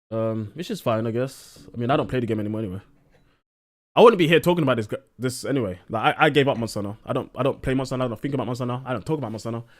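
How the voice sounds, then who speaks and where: Tipsy man ranting on a live stream. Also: medium pitch. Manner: blunt, profane, ranting. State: drunk, slurring words.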